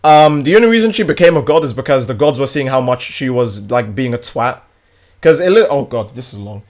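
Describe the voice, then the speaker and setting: A man's voice: medium pitch, lively intonation, fairly quick, darkish tone. A young man streaming a game, chatting casually in a rambling, crude, joking way. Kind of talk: casual livestream chat while gaming.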